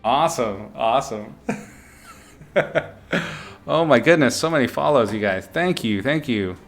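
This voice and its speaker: A man talks slowly and easily to his stream chat while he paints, laughing often and making up playful words. His voice sits at an ordinary middle pitch. Faint music plays behind him. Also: expressive. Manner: playful, giggly, greets chat warmly and makes up silly words.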